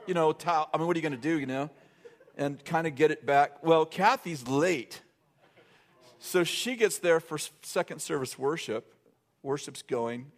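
A middle-aged man preaching in a church, telling a funny story in a rambling, self-interrupting way with lots of fillers. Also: fairly high pitch. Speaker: pastor. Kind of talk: sermon storytelling. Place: church sanctuary.

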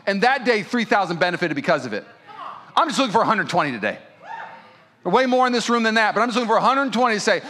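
Fervent male pastor, bright voice. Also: high voice, big pitch swings, fast. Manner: fervent, swings between loud preaching and quiet prayer. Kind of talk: sermon.

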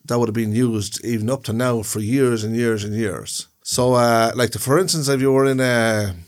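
A man's voice: medium pitch, fairly even intonation, moderate pace. An Irish man co-hosting a podcast, explaining things in a rambling way and repeating himself. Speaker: podcast co-host. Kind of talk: casual chat.

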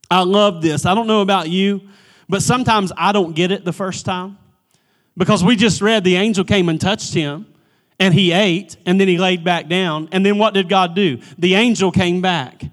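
A male pastor preaching a sermon in an energetic, emphatic manner, calling out to the congregation. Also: high voice, moderate pace.

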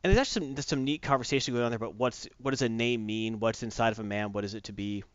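A man in a casual chat, retelling a comic book story in animated fashion and acting out the characters' lines. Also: mid-range voice, racing, smooth, no room sound, muffled recording.

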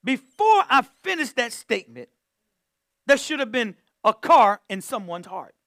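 A man's voice: extremely high pitch, very animated, a little slow, a bit bright, dry recording. A man preaching a sermon to a church, repeating phrases and calling on the congregation to answer back. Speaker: pastor.

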